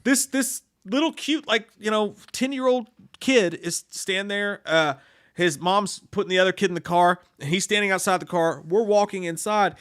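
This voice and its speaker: Man, high-pitched, dry close sound, casual live-stream co-host, animated storyteller, swears a lot. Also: moderate pace, smooth, no echo. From United States. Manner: animated storyteller, swears often, reads viewer comments aloud. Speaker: podcast co-host reading chat.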